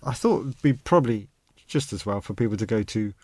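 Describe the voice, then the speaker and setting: Relaxed, chatty man hosting a podcast. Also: on the low side, brisk, dry recording, studio quality. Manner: relaxed, chatty, with small restarts. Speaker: podcast host. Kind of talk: casual podcast chat.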